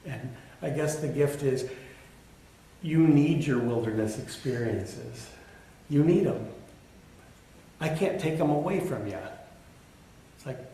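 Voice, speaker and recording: A man's voice: mid-range voice, lively intonation, slow, pauses often, dark tone. A middle-aged male pastor giving a sermon, telling a personal story candidly with self-deprecating humor. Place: church sanctuary. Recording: echoey church with faint ambient noise.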